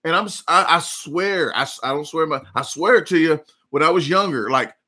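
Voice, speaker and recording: A man in his forties with a Southern US accent rambles through jokey stories on a casual livestream. His voice sits a little high and sounds bright and forceful. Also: moderate pace. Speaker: livestream host. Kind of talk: casual live chat.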